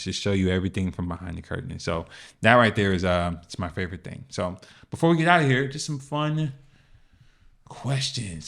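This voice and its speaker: A man co-hosting a business podcast, talking in a laid-back, rambling way with plenty of fillers. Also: low-pitched. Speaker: podcast co-host. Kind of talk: casual business podcast chat.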